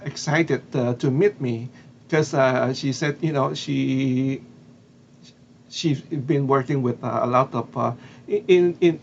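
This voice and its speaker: A Filipino-accented vlogger from the Philippines tells a story casually and hesitantly, full of fillers and restarts. His medium-pitched voice is creaky, and the lo-fi recording carries slight background noise.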